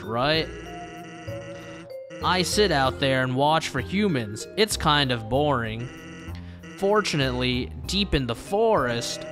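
Sans, a man doing a drawling lazy skeleton. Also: fairly high pitch. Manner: slow southern-tinged drawl. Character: laid-back joking male skeleton. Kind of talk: reading game dialogue aloud.

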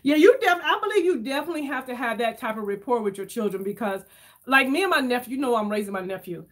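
A woman chatting casually with her viewers while doing her makeup, telling stories in an animated way and reading their comments aloud. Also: fairly high pitch, fast talker. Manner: chatty, animated storyteller, addresses viewers as y'all. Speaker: beauty vlogger reading live chat.

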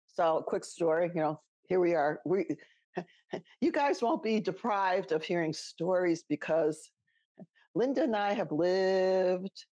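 A woman's voice: lowish voice, lively intonation, slow pace, mellow, dry recording, muffled recording. A middle-aged woman co-hosting a podcast, telling a personal story in a casual, chatty way and laughing often. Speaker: podcast co-host.

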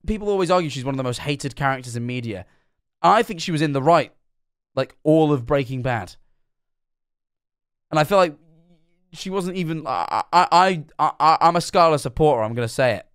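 A man's voice: fairly high pitch, lively intonation, fairly quick, long pauses, fairly bright tone, clean tone, no echo, studio quality. A young man casually commenting while reacting to a video, chatty and self-mocking, stumbling over words.

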